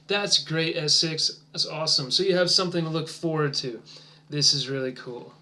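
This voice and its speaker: A man with a slightly high voice teaches an English lesson as a demonstration for teachers. He sounds encouraging and stretches his words out, sinking into soft near-whispers as he waits for answers.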